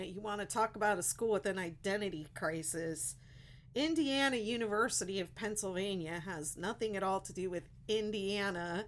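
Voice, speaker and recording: Hosting a laid-back crochet livestream, a middle-aged Pittsburgh woman with the local accent talks in a medium-pitched, slightly bright voice, with a bit of hiss or hum in the background. She's chatty, rambles, and laughs at her own jokes.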